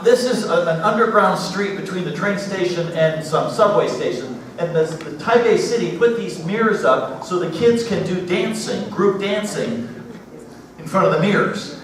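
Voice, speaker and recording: Genial man in an echoey church hall. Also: high voice. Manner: genial, chuckles at his own stories. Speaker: missionary speaker. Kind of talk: church slide talk. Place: church sanctuary. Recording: echoey hall, distant mic, faint hiss.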